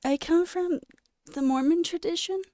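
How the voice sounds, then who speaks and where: A young adult woman live-streaming, talking candidly and emotionally in a halting, casual way with many fillers. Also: very high voice, a little mellow, no room sound, studio quality.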